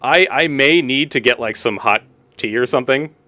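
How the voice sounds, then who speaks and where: A man's voice: medium pitch, moderate pace, bright, forceful tone. A young man streaming a game, chatting casually in a goofy, tongue-tied way and laughing at his own jokes.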